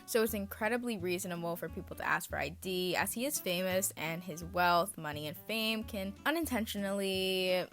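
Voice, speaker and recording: A young woman narrates a scripted commentary video as a YouTuber, her voice on the low side with a fairly bright tone. She turns indignant when calling someone out, then rambles and stutters through the outro.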